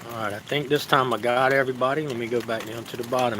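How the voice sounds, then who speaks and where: A man hosts a live cooking stream and chats easily with his viewers. His voice sits in a middle pitch, and he speaks in a halting way, full of fillers and restarts. A faint hiss runs under his voice. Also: fairly even intonation.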